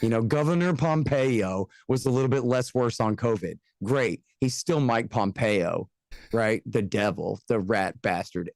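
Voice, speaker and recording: A man from the United States, a guest on a casual podcast interview, talking bluntly and sarcastically, with fast rants and mocking quoted voices. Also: lowish voice, a little mellow, dry recording. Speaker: guest, antiwar radio host and author.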